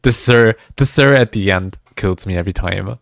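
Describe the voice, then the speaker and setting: A man's voice: on the low side, moderate pace, vocal fry, no room sound, clean studio sound. A man chatting casually with viewers during a livestream, laughing often and restarting his words as he goes. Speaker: music streamer.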